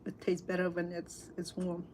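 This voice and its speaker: A middle-aged woman with a Cambodian accent, chatting casually with livestream viewers over dinner at home, halting, full of fillers and restarts. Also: on the low side, monotone, a little mellow, slight background noise. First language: Khmer. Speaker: cooking vlogger and interpreter. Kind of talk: casual livestream chat while eating.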